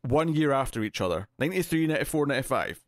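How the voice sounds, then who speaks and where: A man's voice: medium pitch, very animated, very fast, dry recording, clean studio sound. A man co-hosting a movie podcast, chatting casually and animatedly, laughing often and restarting his sentences. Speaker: podcast co-host. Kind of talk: casual movie review chat.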